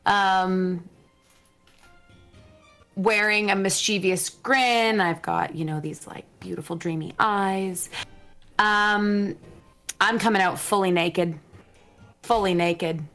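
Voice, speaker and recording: A woman's voice: medium pitch, fairly even intonation, fairly bright tone, faint music behind. Playful flamboyant woman role-playing. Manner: playful, flamboyant, drawn-out phrasing. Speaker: tabletop game player. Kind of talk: in-character role-play chat.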